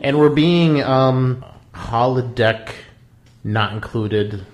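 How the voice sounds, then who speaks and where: A man's voice: medium pitch, takes it slowly. A man with a mid-range voice hosts a casual podcast conversation. He drops short, joking asides into the talk. His delivery stays conversational and easygoing. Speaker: podcast host. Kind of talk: casual chat.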